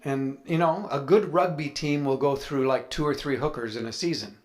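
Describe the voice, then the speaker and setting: A man's voice: medium pitch, normal speed. Chatty man telling a story. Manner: chatty, anecdotal, with playful humor. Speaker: author speaking at a writers' event. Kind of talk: storytelling talk to a live audience. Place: venue with a live audience.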